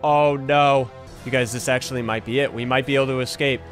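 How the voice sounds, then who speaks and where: A man's voice: medium pitch, steady tone, a little fast, faint music behind. A young man hosting his gaming channel, giving jumpy, panicky commentary full of gasps and yelps as he plays. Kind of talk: excited gameplay commentary.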